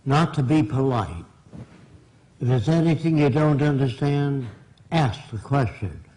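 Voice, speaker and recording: Older man, blunt lecturer to a live audience, mellow tone, plain-spoken. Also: medium pitch, animated, unhurried, a little hiss or hum, rough recording. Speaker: seminar speaker. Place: seminar room.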